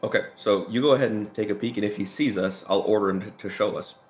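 A man playing a tabletop game, scheming quickly with his group. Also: lowish voice, lo-fi sound. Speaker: player. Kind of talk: casual tabletop play.

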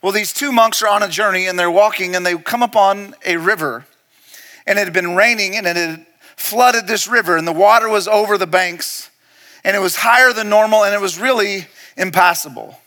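Bright-voiced pastor preaching a sermon. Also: male voice, high voice, a little fast. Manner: storytelling, dropping to a soft intense hush for emphasis. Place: church hall.

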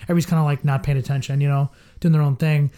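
A young man co-hosting a podcast, telling a school story in an animated, laughing way. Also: a little high, very fast. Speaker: podcast co-host. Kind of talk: casual storytelling chat.

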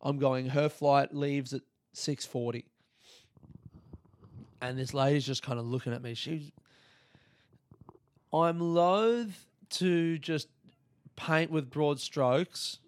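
A man's voice: fairly high pitch, takes it slowly, long pauses, clear, resonant tone, no room sound. Young guy podcast host, ranting a funny story, swears a lot, does everyone's lines, dry close sound. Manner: animated, swears often, acts out other people's lines. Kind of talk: comedic storytelling.

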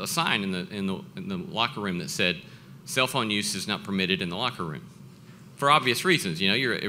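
A male professor tells a personal story in an earnest, reflective way, often circling back and restarting his phrases. His voice is very bright and forward, a little low in pitch, with a faint background hiss. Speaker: professor giving a talk. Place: event breakfast gathering.

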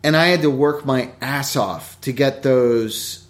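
A man's voice: medium pitch, a little slow. A man who works as an actor, talking bluntly in casual chat and swearing for emphasis.

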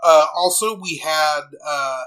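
A man co-hosting a podcast, chatting casually and rambling with quick asides and restarts. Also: fairly high pitch, fairly bright tone, low-quality recording. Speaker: podcast co-host. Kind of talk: casual chat.

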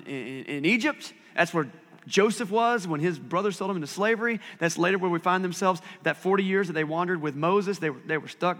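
A man's voice: sits high, fairly bright tone, long reverb tail. A man preaching a sermon as pastor, talking conversationally with self-deprecating asides.

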